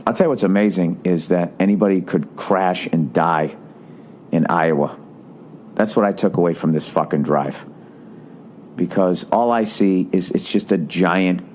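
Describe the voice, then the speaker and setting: A man hosting a podcast, telling a rambling comic story with animated, profane ranting. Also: deep voice, slight background noise. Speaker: podcast host.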